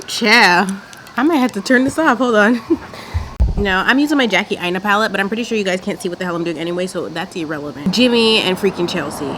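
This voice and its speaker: A sassy young woman delivers a blunt, outspoken reality show recap at home while doing her makeup. Her pitch sits in a middle range for a woman, and a faint background noise sits behind her. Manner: sassy, blunt and outspoken, sprinkling in mild swearing. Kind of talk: casual commentary.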